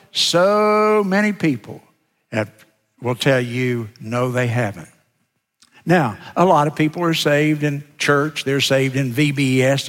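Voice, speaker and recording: A man's voice: mid-range voice, a bit bright. A man preaching a practical teaching sermon as pastor, coaching his listeners step by step as he shows them a booklet. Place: church sanctuary. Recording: long hall reverb.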